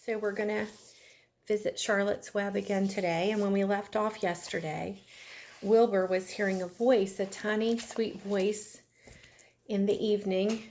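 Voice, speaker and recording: A woman teacher reading a chapter book aloud to her class, gently stopping to ask the children questions. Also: mid-range voice, flat delivery, measured pace.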